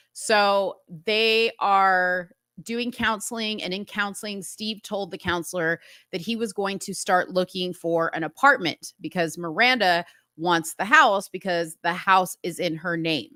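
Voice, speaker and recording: Bright-voiced woman recapping a show. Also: normal speed, no room sound, clean studio sound. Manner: animated, acts out dialogue with rising pitch. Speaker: host. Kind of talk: casual recap of a TV episode.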